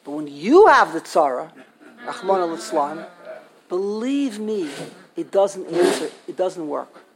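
A man's voice: sits high, sing-song, a little slow, very noisy. An older man giving an informal Torah class, emphatic and indignant, repeating himself for stress. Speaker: Torah teacher.

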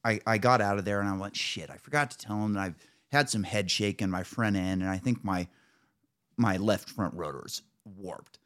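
A man's voice: lowish voice, fairly even intonation, fairly quick, fairly bright tone, smooth. An American man hosting a podcast, casually telling profane stories and acting out what people said. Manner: profane, storytelling with acted-out quotes. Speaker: podcast host. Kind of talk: casual chat.

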